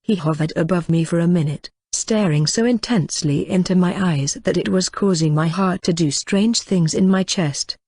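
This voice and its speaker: A woman reading a novel aloud in first person, as a steady storytelling narration. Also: lowish voice, normal speed, hardly any pauses, slightly rough, dry recording, clean studio sound. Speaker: audiobook reader.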